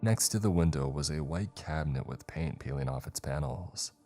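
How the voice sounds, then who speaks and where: A man with a strikingly deep voice narrates a first-person horror story. His delivery is measured and atmospheric. Soft music runs quietly beneath him. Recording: faint music underneath.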